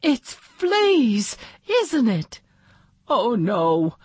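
A woman's voice: fairly high pitch, big pitch swings, extremely slow, slightly rough, no room sound, pitched above the performer's own voice, full character voice. A woman voicing a glamorous, gracious lady dog who is a movie star, speaking in a grand, theatrical way. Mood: alarmed.

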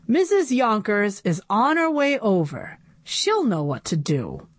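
A woman's voice: mid-range voice, wildly swooping pitch, unhurried, no echo. Woman doing a frantic school nurse. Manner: urgent calling out.

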